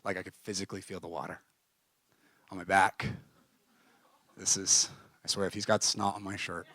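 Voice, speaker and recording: A man giving a church talk, telling a personal story in a lively way and acting out the conversations. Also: sits low, moderate pace. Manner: animated, acts out conversations, frequent "like". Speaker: speaker at a church gathering.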